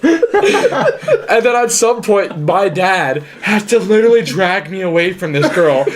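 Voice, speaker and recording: A man's voice: high-pitched, expressive, measured pace, crowd noise. A young man, a guest on a casual podcast, retelling something with exasperation and laughter.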